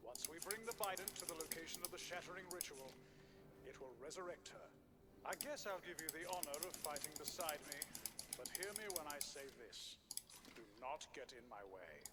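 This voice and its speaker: A man's voice: on the high side, expressive, brisk, very noisy, close to an everyday voice. An actor voicing a smug, bossy male game master who speaks in a mocking, commanding way.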